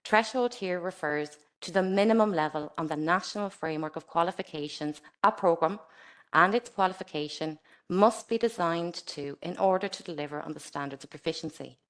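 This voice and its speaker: A woman presenting a scripted webinar for a regulator, in a measured, formal manner as she reads from a script. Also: lowish voice.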